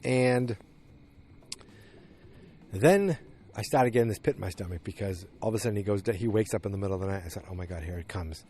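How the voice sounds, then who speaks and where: A man hosting a podcast, casually recapping a TV episode in a rambling, animated way. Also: lowish voice, a little fast, long pauses, slight background noise. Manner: rambling, animated retelling with acted quotes. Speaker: podcast host.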